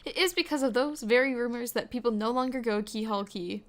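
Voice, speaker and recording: A woman's voice: on the high side, quick pace, close to an everyday voice. A woman voicing a flamboyant, vain male merchant trader from a video game, with grand, theatrical delivery. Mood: dramatic. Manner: grandiose, theatrical, dramatic exclamations. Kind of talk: reading game dialogue aloud.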